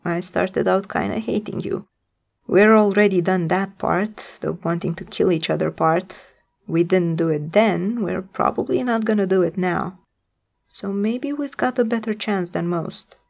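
A man's voice: high-pitched, a little slow, vocal fry, exaggerated voice. A woman reading the lines of a cheerful, teasing man who banters playfully in a storybook. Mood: teasing hopeful.

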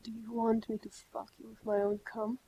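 A woman reading a story aloud, voicing an intense young man in a breathy near-whisper. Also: mid-range voice, monotone, takes it slowly, a little mellow, dull audio, a little hiss or hum. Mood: hushed intense.

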